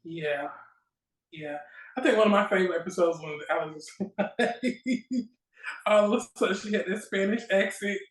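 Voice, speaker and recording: A woman chatting as a guest at home, spinning lively stories and voicing past conversations. Her voice sits mid-height for a woman. The sound rings in an echoey room. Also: mid-range voice, moderate pace. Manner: lively storyteller acting out quoted exchanges. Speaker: guest actress. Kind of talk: casual interview chat. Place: at home near a railway line.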